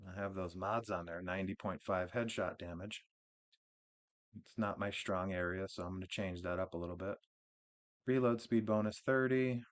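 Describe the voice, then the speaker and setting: A man hosting his own gaming channel, casually walking through a game build in a relaxed, rambling way, with frequent restarts and fillers. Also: deep voice, normal speed.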